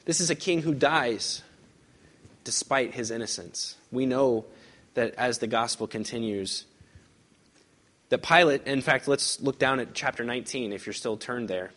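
A male pastor preaching a sermon and reading scripture aloud, pressing hard on key words and then dropping to hushed, quiet lines. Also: mid-range voice, measured pace. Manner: emphatic, swings from loud stresses to hushed lines.

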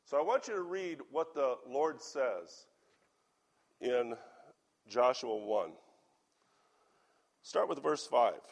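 A man with a hoarse voice preaching a sermon, reading scripture aloud and asking his listeners earnest questions. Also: mid-range voice, expressive, slow pace, pauses often.

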